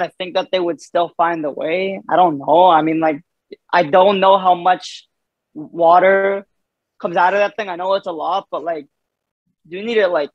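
A man's voice: high voice, no echo, muffled recording. A young man in casual chat, laid-back and hesitant, often saying "man".

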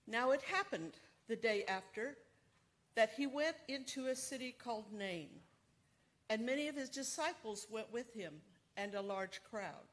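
Female worship leader, slow deliberate scripture reading, slightly high voice. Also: animated. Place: church sanctuary.

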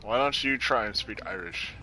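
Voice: mid-range voice, lively intonation, moderate pace, sharp tone, faint music behind, low-quality recording. A gaming partner chatting casually over voice chat in a laid-back, distracted, dry way.

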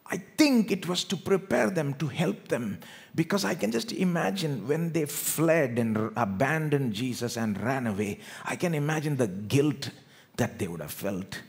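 A man from India preaching a sermon in church, acting out quoted speech with big swings between loud and quiet, and calling on the congregation to respond. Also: normal speed, vocal fry. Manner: animated, acts out quoted speech with big swings in loudness and pitch.

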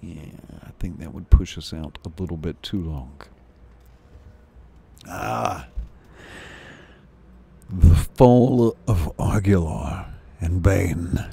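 A man reading a novel aloud as the host of a story stream, with unhurried, expressive narration. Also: sits low, gravelly, slightly rough.

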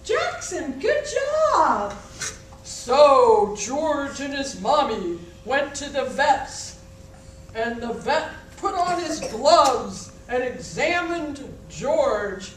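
A woman reading a picture book aloud to children at library story time, playful and animated, making animal sounds. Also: high-pitched, extremely slow, a little hiss or hum. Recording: roomy, distant mic.

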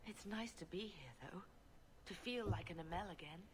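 A woman voicing a gentle, widowed middle-aged noble mother in video game dialogue, speaking softly and earnestly. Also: on the low side, normal speed, a little hiss or hum, natural voice. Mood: wistful.

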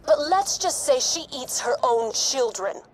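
A sultry, flirtatious hostess in a video game, teasing and suggestive, her voice pitched a little high. She drawls her briefings with playful innuendo. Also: lively intonation, a little slow, poor audio. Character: flirty sultry woman arena host.

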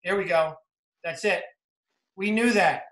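High-voiced New Jersey football coach. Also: male voice, a little slow. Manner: energetic, repetitive coaching talk. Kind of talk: clinic talk narrating game film. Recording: roomy echo.

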